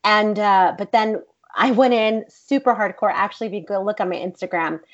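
Animated Texan actress, interview guest, rambling anecdotes, slightly muffled recording. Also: female voice, medium pitch, a little fast. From Texas. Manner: animated, rambling, many fillers like "like". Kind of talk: casual interview storytelling.

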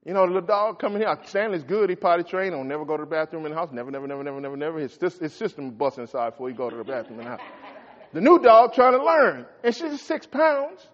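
High-voiced preaching man in echoey hall. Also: animated, quick pace. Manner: folksy preaching, swings from shouting to quiet asides. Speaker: pastor. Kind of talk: sermon. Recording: echoey hall, dull lo-fi sound.

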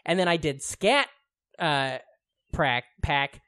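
A man's voice: on the high side, lively intonation, slow, sharp tone, smooth. Rambling, profane man on a podcast. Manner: rambling, profane, laughs often, lots of fillers. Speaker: podcast co-host. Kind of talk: casual chat.

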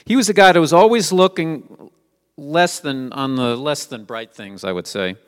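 A man's voice: fairly high pitch, normal speed, clean tone, big-room sound. A man preaching a sermon, reading scripture aloud and asking his listeners rhetorical questions in a conversational way. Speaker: Messianic teacher.

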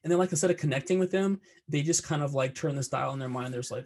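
A young adult man co-hosting a podcast chats casually and thoughtfully, filling his sentences with "like." His voice is on the high side, fast, a little mellow and slightly rough.

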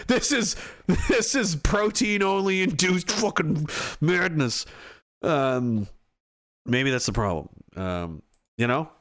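A man talks casually on a livestream, reacting to chat. His voice sits a little high, and his speech is heavy with profanity. He lurches from heated yelling to quiet, grumbling asides. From Atlantic Canada. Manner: profane, ranting, swings from shouting to muttering. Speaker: livestream host reading chat. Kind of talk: angry ranting livestream talk.

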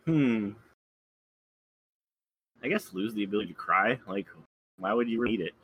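A man's voice: fairly low pitch, expressive, moderate pace, lo-fi sound, slight background noise. A man guesting on a podcast, chatting casually with short replies and easy laughter.

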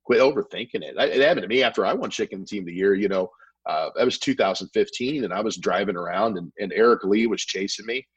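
Fast-talking husky guest pitmaster. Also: male voice, lowish voice, animated, no room sound, dull audio. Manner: rambling, repeats words, quick restarts. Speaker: podcast guest, barbecue pitmaster. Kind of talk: casual storytelling chat.

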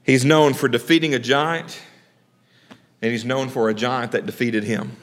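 A man preaching a Sunday morning sermon, animated and conversational, asking the congregation questions and acting out the people in the story. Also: moderate pace, big-room sound. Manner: animated preaching, drops low and quiet for God's lines. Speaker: pastor.

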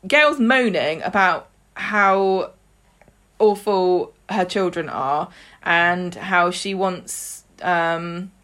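A woman with a lowish, fairly bright voice draws out her words as she co-hosts a podcast. In a casual chat recapping a soap, she animatedly retells scenes, mimics the characters, and laughs often.

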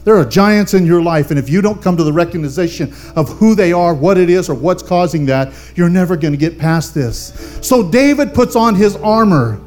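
A man's voice: sits high, lively intonation, moderate pace, few pauses, darkish tone, faint music behind. An older man, a pastor, preaching a fervent sermon and calling on the congregation for amens. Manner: fervent preaching with call-and-response.

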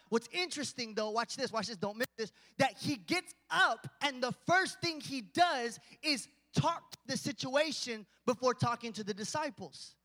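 A man's voice: extremely high pitch, expressive, brisk, hardly any pauses, sharp tone, no echo, long reverb tail. A man preaching a casual, conversational sermon, joking with the congregation and rising to emphatic points.

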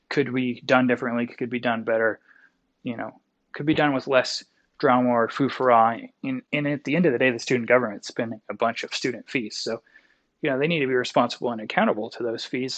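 A young man from Wyoming tells a long story as an interview guest, folksy and rambling, often correcting himself mid-sentence. His voice sits at an ordinary pitch, and the recording sounds slightly dull and lo-fi. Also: a bit bright.

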